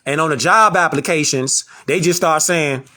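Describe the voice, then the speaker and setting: A man whose voice is fairly high, pushed, and bright speaks at a moderate pace in preachy commentary to camera. As an online lecturer, he emphatically lectures his audience and repeats rhetorical questions.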